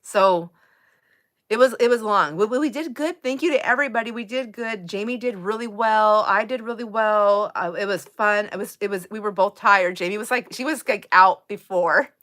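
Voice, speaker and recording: A woman's voice: medium pitch, moderate pace, fairly bright tone. Woman host, middle-aged, chatty live-stream talker with easy laughter. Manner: chatty, laughs often, restarts sentences. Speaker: livestream host. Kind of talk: casual live-stream chat.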